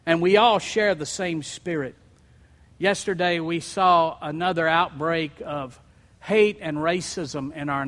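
A male pastor preaching a sermon to his church, emphatic and repeating key phrases, slowing down to stress words. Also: sits high, fairly bright tone, big-room sound. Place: church sanctuary.

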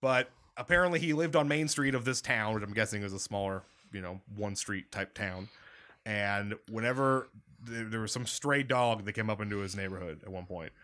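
A Midwestern American man co-hosting a podcast in casual chat, dry and joking, often trailing off into quiet asides. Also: lowish voice, moderate pace. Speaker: podcast co-host.

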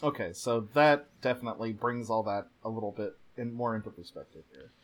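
A man's voice: lowish voice, lively intonation, a little fast. A man co-hosting a podcast, chatting casually and joking through an episode recap. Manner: chatty, joking, laughs often. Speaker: podcast co-host.

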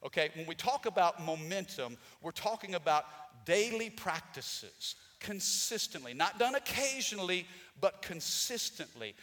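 A man's voice: high voice, animated, moderate pace, few pauses, a bit bright, long reverb tail. A man preaching a Sunday sermon as pastor, calling for responses from the congregation and rising to emphatic peaks. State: out of breath. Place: church sanctuary.

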